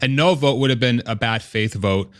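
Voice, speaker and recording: An upbeat man hosts a casual live stream, quick to laugh and now and then stumbling over a word. His voice sits in an ordinary middle pitch. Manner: upbeat, laughs often, trips over words.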